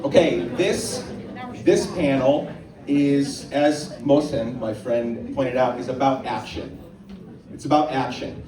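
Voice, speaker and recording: A man's voice: mid-range voice, fairly even intonation, takes it slowly. Earnest man rallying a crowd from the stage. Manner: earnest, rallying, leads call-and-response chants. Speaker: panel moderator. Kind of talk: addressing a live audience. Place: stage in a hall. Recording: roomy hall sound, distant mic.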